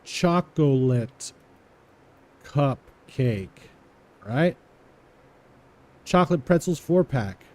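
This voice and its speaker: Guy doing a laid-back coding walkthrough, slow and mellow, mutters words as he types. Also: medium pitch, lively intonation. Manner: talks to himself, repeats words slowly while typing, chuckles at prices. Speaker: coding tutorial presenter. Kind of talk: casual live coding walkthrough.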